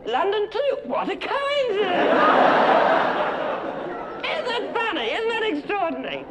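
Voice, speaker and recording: A man's voice: very high voice, wildly swooping pitch, unhurried, a loud crowd, heavy background noise, heavily acted. A man playing a gushing, condescending middle-aged Australian housewife superstar, trading backhanded compliments with the audience in a live stage comedy act. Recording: live theatre recording, loud audience.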